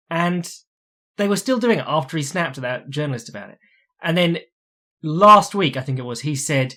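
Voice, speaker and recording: A man talking casually as a podcast host, animated and sweary, mocking other people's voices when he quotes them. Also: a little high, normal speed. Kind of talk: casual chat.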